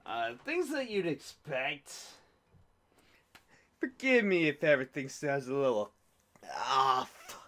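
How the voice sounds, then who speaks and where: A man's voice: a little high, very animated, a little slow, long pauses, a bit bright. A young man giving casual, rambling, self-mocking commentary while playing a video game. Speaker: let's play host.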